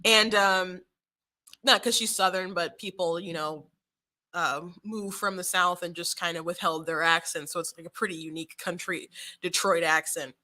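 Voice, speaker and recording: Bright, chatty woman commentator. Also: lowish voice, fairly even intonation, normal speed. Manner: chatty, laughing, many restarts and fillers. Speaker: political commentary host. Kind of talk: casual political commentary.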